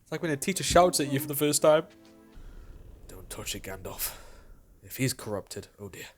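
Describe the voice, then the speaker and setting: A man's voice: medium pitch, animated, moderate pace, soft background music. A man giving casual movie reaction commentary, chatting, laughing and swearing casually as he watches. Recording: loud film soundtrack playing behind.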